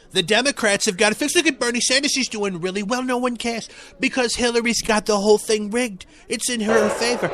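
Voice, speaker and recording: A man's voice: sits high, fairly bright tone. A man performing a satirical impression of a brash, rambling male politician at a rally. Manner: boastful, rambling, repetitive phrasing.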